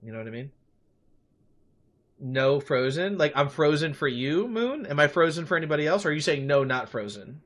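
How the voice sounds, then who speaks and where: A man's voice: a little high, very animated, normal speed, fairly bright tone. Chatty young man streaming a game. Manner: chatty, reads and thanks chat. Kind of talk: live gameplay commentary.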